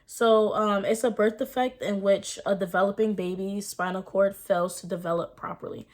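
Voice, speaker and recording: A woman's voice: medium pitch, steady tone. A young mother telling her story in a casual personal vlog, speaking with emotion, using many fillers, and talking to viewers as "y'all.". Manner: fast, filler-heavy speech with rising and falling intensity. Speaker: vlogger and mother.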